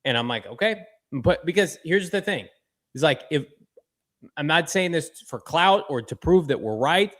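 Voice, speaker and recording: A man co-hosting a sports talk show, joking and animated, with sudden jumps in pitch. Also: normal speed.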